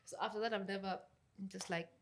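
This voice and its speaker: A woman's voice: mid-range voice, fairly even intonation, brisk, crowd noise. Sassy young woman, blunt. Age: 20s. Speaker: podcast co-host. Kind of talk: casual chat.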